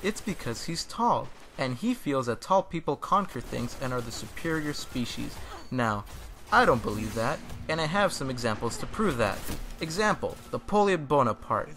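A man's voice: medium pitch, sing-song, moderate pace, a bit bright. A young man hosting a gaming channel, talking casually and jokily over gameplay in a rambling, self-deprecating way.

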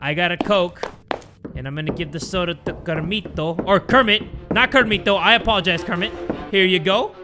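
A man hosting horror game commentary, excitable and swearing, jumping between mutters and sudden yelps. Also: high-pitched, a little fast, music in the background. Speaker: gaming video host.

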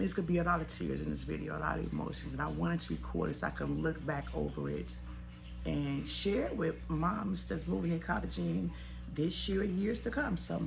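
Woman vlogger, gravelly low voice, tearful and chatty, noisy recording. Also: warm tone. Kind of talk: emotional vlog.

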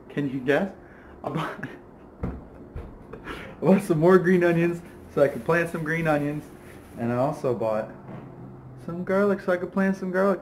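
A man's voice: a little high, a little hiss or hum. A man talking casually to a handheld camera in a vlog, playful and joking. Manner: playful, joking, hums and sings silly sounds. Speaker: vlogger.

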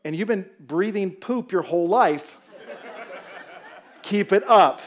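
A middle-aged guest pastor from Southern California gives a humorous sermon in a church sanctuary, his voice notably high and his pace slow. Animated and lively, he tells stories and jokes with the congregation, and a faint crowd can be heard.

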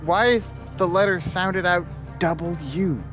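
A man's voice: high-pitched, takes it slowly, over music. A young man joking with friends in a party game, reading in a playful mock-dramatic way. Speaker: player. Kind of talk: casual gaming chat.

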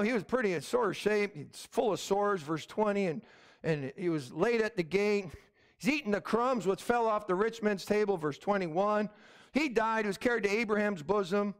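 A middle-aged male pastor delivers an emphatic sermon in a very high voice. His pitch swings widely and stays lively, and he keeps asking the room for an "Amen?". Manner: emphatic preaching, repeated calls of "Amen?".

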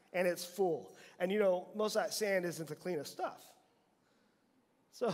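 A man, a pastor, preaching a sermon in a church, animated and full of rhetorical questions. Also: high-pitched. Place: church sanctuary. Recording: long church hall reverb.

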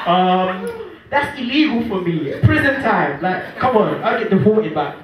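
A man, doing excitable, self-mocking stand-up comedy at a live venue. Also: very high-pitched, a little slow. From Angola. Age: 20s. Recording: distant, echoey live room, audience noise.

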